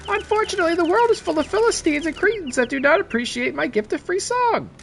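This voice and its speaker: A pompous high-pitched diva chick. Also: female voice, expressive, fast, gravelly, slight background noise, full character voice. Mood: haughty. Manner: pompous, putting on airs, theatrical. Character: haughty diva bird mascot, small female chick. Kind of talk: let's play dialogue read-aloud.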